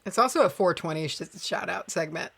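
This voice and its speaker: A woman's voice: lowish voice, animated, brisk, gravelly, a bit bright, slightly rough. A woman co-hosting a casual podcast, reading a text aloud and breaking in with exasperated, sarcastic asides. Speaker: podcast co-host.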